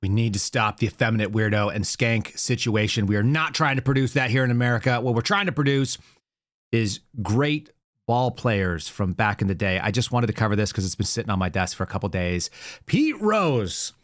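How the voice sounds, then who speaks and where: A man's voice: on the low side, a little fast, no echo. A man in his forties hosting a political commentary show, sarcastic and rambling, talking casually from a studio. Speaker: show host.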